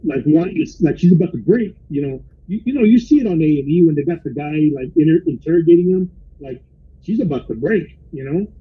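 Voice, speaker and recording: This man's voice sits fairly high and moves a little fast, slightly rough, with phone-quality sound. He drives for a rideshare service and, from inside his car, animatedly retells a wild story, quoting riders and dropping "bro" over and over.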